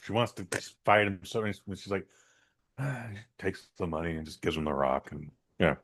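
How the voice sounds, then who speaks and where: A man's voice: expressive, moderate pace, fairly bright tone. A man co-hosting a podcast in casual chat, rambling through stories and correcting himself as he goes. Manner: rambling storyteller, self-correcting, does squeaky voices for quotes. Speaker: podcast co-host.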